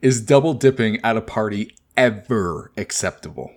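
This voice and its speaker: A man hosting a podcast interview, asking brisk quick-fire questions. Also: lowish voice, lively intonation, darkish tone. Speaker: podcast host. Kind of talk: casual interview.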